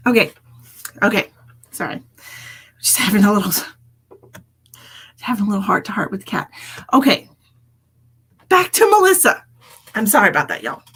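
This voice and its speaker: A woman's voice: medium pitch, huge pitch swings, normal speed, long pauses, fairly bright tone, husky. A woman, giving psychic readings on a live stream in a chatty way and calling people darling and sweetheart. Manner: chatty, calls people endearments. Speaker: psychic medium.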